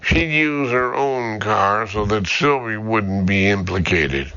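A man reading a novel aloud as audiobook narrator in slow, even storytelling. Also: fairly low pitch, clear, resonant tone, no echo. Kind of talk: scripted narration. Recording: dull dry lo-fi audio.

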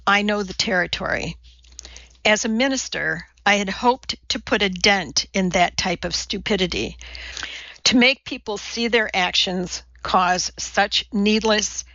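Calm, frank male minister, voiced by a female audiobook narrator; unhurried, crisp tone. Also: mid-range voice, no room sound, muffled recording. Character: male minister, calm, blunt, dry-witted. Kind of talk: audiobook character reading.

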